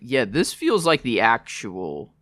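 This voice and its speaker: A man co-hosting a podcast in casual chat, talking haltingly and trailing off. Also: medium pitch, wildly swooping pitch, a bit bright, dry recording, clean studio sound. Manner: halting, trails off, many fillers and backchannels. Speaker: podcast co-host.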